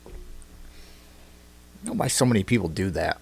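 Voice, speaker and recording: A man co-hosting a casual podcast, his pitch swinging wildly from low to high as he jokes along. He laughs often and keeps the chat loose and animated. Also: moderate pace, vocal fry, husky. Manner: laughs a lot, animated and joking. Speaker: podcast co-host.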